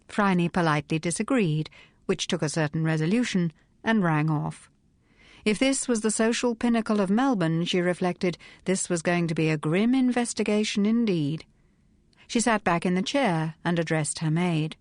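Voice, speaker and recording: A woman reads a novel aloud in a measured, unhurried way. Her voice is fairly low and the sound is dry and close, with no room echo. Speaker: audiobook narrator. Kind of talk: scripted narration.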